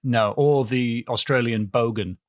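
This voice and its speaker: A man's voice: medium pitch, unhurried, dry recording, studio quality. A man with a Scottish accent hosting a podcast, chatting playfully and telling ghost stories. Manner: playful, rambling, sings bits. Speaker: podcast host, storyteller. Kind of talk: casual chat and storytelling.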